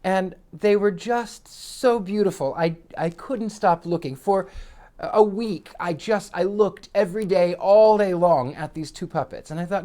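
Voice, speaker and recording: Male channel host, casual storyteller, chatty and animated, rambling with restarts. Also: high voice, a little slow. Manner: animated, acts out quoted voices.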